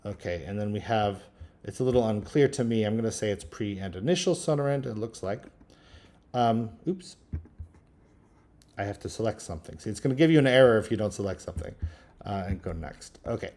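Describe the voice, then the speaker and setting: A man teaching linguistics, talking through a screen-recorded software tutorial in a relaxed, thinking-aloud way with frequent ums. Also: fairly low pitch, a little fast. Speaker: linguistics instructor.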